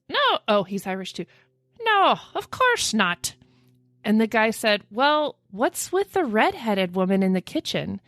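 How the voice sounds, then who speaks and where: A woman co-hosting a chatty podcast and telling a ghost story with plenty of gasps and laughs. Her voice sits at a middle pitch. The recording is close and dry, with no room sound. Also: no room sound. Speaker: podcast co-host. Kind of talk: casual chat, reading a listener's email aloud.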